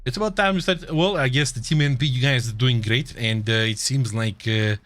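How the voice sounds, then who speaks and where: A man's voice: medium pitch, brisk, a bit bright, soft background music. A man with a Russian accent giving casual, joking live esports commentary and chatting with viewers, laughing often. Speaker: esports caster.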